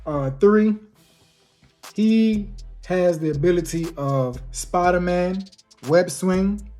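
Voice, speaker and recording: A man's voice: sits high, darkish tone. A man giving a casual, opinionated movie review in a slangy, conversational way, full of rhetorical asides.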